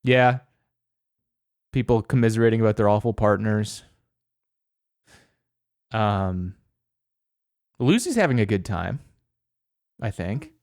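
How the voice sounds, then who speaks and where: A man's voice: fairly low pitch, animated, slow pace, pauses often, darkish tone, dry recording. A man hosting a podcast in casual chat, with a dry delivery that comes across as sarcastic. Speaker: podcast host.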